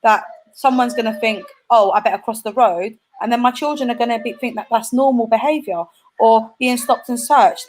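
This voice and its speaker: A woman's voice: fairly high pitch, a little hiss or hum, rough recording. A young woman, telling an earnest personal story in a casual discussion, correcting herself as she goes. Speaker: panel guest.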